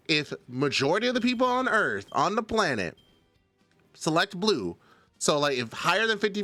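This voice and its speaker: A man's voice: on the high side, sharp tone, no echo. A man streaming live, chatting casually and arguing a point with his chat, addressing viewers by name.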